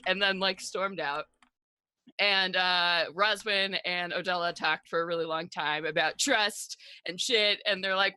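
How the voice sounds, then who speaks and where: A woman's voice: fairly low pitch, normal speed, pushed and bright, no room sound, low-quality recording. A woman casually recapping the last session of a tabletop game as a player, rambling and giggly, full of "like" and "uh".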